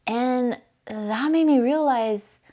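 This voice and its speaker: A woman's voice: on the high side, slow pace, mellow. A woman life coach in a casual advice vlog, talking earnestly and encouragingly straight to the viewer, chatty with little "right?" asides.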